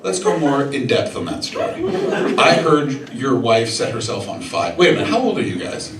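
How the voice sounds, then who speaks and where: A man doing stand-up crowd work on a comedy club stage, talking with the audience and breaking into loud, excited impressions. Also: medium pitch, normal speed, background noise. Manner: animated, shouting impressions of excited people. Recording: roomy club sound from far off, crowd laughter.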